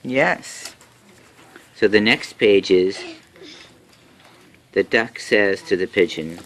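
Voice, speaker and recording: A woman at home reading a picture book aloud to young children, gently coaxing them with questions. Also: very deep voice, expressive, slow, long pauses, a little hiss or hum.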